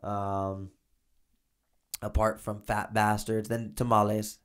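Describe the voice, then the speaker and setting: A man's voice: on the low side, flat delivery, slow, fairly bright tone, clear, resonant tone. A man co-hosting a podcast, telling loose, filler-heavy stories in casual chat. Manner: rambling, filler-heavy storytelling. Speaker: podcast co-host, former inmate.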